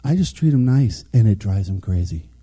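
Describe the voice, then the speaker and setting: A man's voice: on the low side, normal speed, breathy edge. A man giving a casual, conversational sermon, acting out little quotes as he goes. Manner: animated, conversational, acts out quotes. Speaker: preacher.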